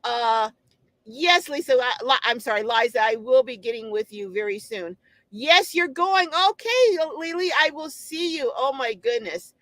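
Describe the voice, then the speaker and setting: A woman's voice: a little high, expressive, normal speed, a bit bright, dry recording, rough recording. A middle-aged woman hosting a casual live stream, reading viewer comments aloud and answering them with chatty exclamations and frequent ums.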